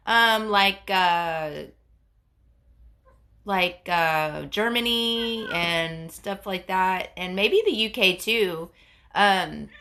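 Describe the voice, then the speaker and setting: A woman's voice: medium pitch, bright, forceful tone. A woman with a head cold, hosting a casual livestream, chatting to viewers in a rambling way. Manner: chatty, rambling storyteller with lots of fillers. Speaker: livestream host. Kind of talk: casual live chat reading comments.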